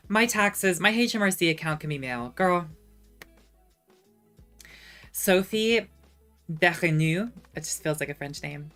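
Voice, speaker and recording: A woman with a low voice talks loosely to her live chat, reacting to messages with chatty, sarcastic asides. She is at a desk mic at home, with soft music playing faintly behind her. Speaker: streamer reading live chat. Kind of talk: casual livestream chat.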